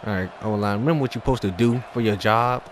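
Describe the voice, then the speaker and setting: A man giving live commentary over his own gameplay as a YouTuber, ranting in exasperation and swinging between muttering and shouting. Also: on the low side, quick pace, over music. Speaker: gaming YouTuber.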